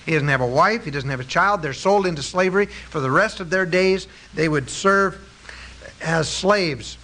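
A man preaching a sermon, emphatic, with drawn-out stresses and rhetorical questions to his listeners. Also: a little high, pushed and bright, rough recording.

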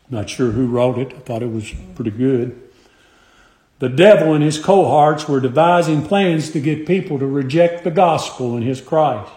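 A man preaching a sermon, emphatic and measured, drawing out scripture lines in old wording. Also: mid-range voice, warm tone. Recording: echoey room.

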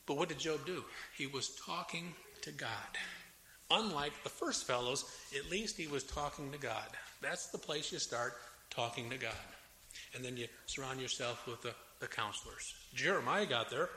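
A man preaching a sermon with a Southern American accent, animated and dramatic, raising his voice as he acts out the complaints of biblical figures. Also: mid-range voice, moderate pace. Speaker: pastor. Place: church sanctuary. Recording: echoey hall with faint room noise.

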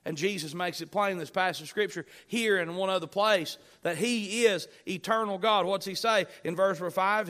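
High-voiced preaching pastor. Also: male voice, brisk, hardly any pauses, a bit bright. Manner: preaching with swelling emphasis and repetition; quotes scripture in King James wording. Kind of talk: sermon.

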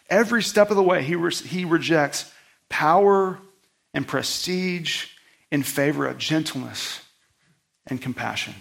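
A man preaching a sermon in a conversational style, swinging between loud outbursts and soft, hushed passages. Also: a little high, unhurried, vocal fry. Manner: conversational, self-deprecating preaching. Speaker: pastor.

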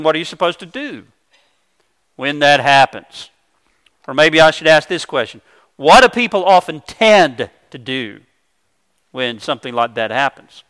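A man's voice: a little high, sharp tone. A man preaching a sermon, earnest and explanatory, walking through a scripture passage with homely illustrations. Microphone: microphone.

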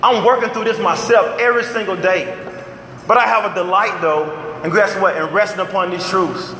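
A man's voice: high-pitched, normal speed, bright, forceful tone, slight background noise. A middle-aged man preaching a sermon to a seated crowd, driving his points home with repeated question-and-answer cries. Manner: emphatic call-and-answer questions. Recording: roomy hall with long reverb.

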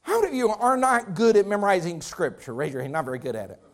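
A man's voice: sits high, animated, quick pace. A man preaching a sermon as pastor, repeating phrases and building intensity as he speaks to his congregation.

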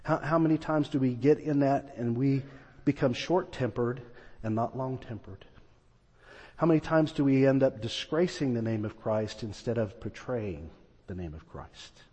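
A man's voice: mid-range voice, normal speed, warm tone, slightly rough, dull audio. A man preaching a sermon, telling a story and acting out the voices in it. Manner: storytelling, acts out quoted voices. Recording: long reverb of a large hall.

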